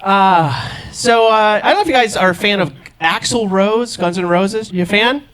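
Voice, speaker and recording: A man's voice: sits high, moderate pace, a bit bright, clear, resonant tone. A young man doing playful stand-up, chatting with the audience on a handheld mic in a comedy club. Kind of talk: musical stand-up with crowd work. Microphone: handheld stage mic.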